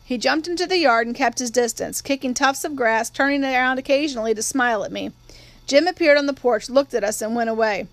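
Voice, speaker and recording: A woman with a high voice tells the story in first person, measured and wry. The read is close and dry, with no room sound. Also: dry recording. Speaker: audiobook reader. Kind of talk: first-person literary narration.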